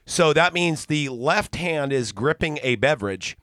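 A man's voice: on the high side, a little slow, no echo, clean studio sound. A man hosting a podcast, telling a story in casual chat, swearing freely and acting out the people he quotes. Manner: profane, animated, acts out quoted people. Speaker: podcast host.

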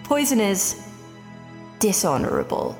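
A woman's voice: mid-range voice, huge pitch swings, unhurried, vocal fry, darkish tone, faint music behind, heavily acted. A woman reading an audiobook, voicing a sly, self-assured lord who speaks with knowing confidence. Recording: long hall reverb.

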